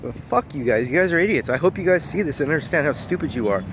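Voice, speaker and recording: A man's voice: a little high, expressive, fast, muffled recording, noisy background. A man vlogging an angry, profane rant straight to camera, insulting and emphatic. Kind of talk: angry ranting monologue to camera.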